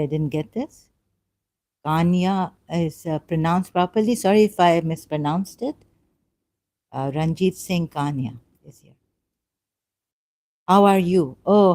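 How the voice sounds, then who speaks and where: A woman hosting a casual livestream on religion, talking haltingly with many fillers and apologies, then pressing rhetorical questions. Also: lowish voice, dark tone. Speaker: livestream host. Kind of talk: casual live-stream talk on religion.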